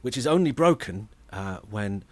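A man, co-hosting a comedy podcast and telling a rambling, animated story. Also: lowish voice, normal speed, no room sound. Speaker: podcast co-host. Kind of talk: casual comedy chat.

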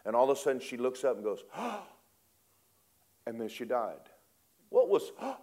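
A man preaching a storytelling sermon, animated, acting out voices and laughing often. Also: medium pitch, fairly quick.

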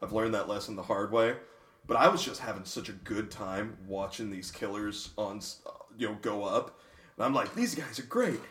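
A man, a comedian co-hosting a podcast, chatting casually in an excitable way. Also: on the low side, moderate pace, recorded from a distance. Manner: lively, excitable, jumps in with short reactions. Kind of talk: casual chat. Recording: echoey room, set back from mic.

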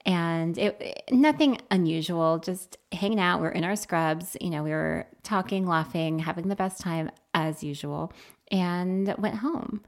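A woman's voice: lowish voice, measured pace. A woman co-hosting a podcast, chatting casually with her spouse and telling stories with lots of laughter. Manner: animated, laughing storyteller. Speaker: podcast co-host.

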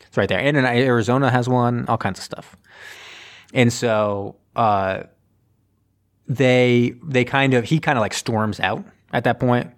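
A man's voice: mid-range voice, a little slow. A man in casual conversation, recapping a film in a loose, rambling way with lots of fillers and self-corrections. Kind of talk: casual chat.

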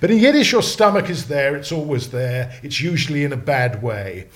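Rambling, animated English man. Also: on the high side, moderate pace. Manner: animated, digressive, many restarts. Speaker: slang lexicographer guest. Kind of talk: casual podcast discussion.

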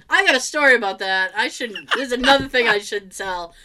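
Woman podcast host, rambly and laughy, kinda high bright voice. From United States. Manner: chatty storyteller, laughs often, loose rambling restarts. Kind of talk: casual chat.

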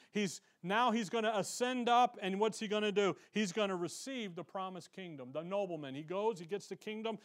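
A man with a notably high speaking voice delivers a church sermon. He reads scripture aloud and swings between forceful, loud emphasis and quiet, low asides. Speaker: pastor.

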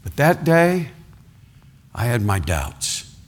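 A male pastor preaching a sermon, telling a story with animated, fervent delivery. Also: mid-range voice, slow.

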